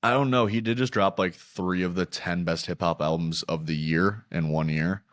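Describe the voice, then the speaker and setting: A young man hosting a podcast, chatting casually about sports betting with profane, animated storytelling. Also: low-pitched, normal speed, dry recording, clean studio sound. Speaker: podcast host.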